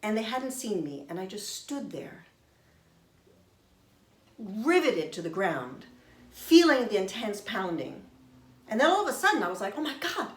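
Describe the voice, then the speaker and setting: A middle-aged woman telling a personal story in an expressive, animated way. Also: mid-range voice, unhurried, pauses often. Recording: roomy echo.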